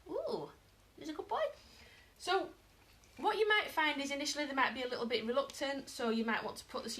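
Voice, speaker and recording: A British woman giving a casual live dog-training lesson at home, chatting to viewers and breaking into high-pitched praise for her dog. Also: a bit bright. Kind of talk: live-streamed training demo.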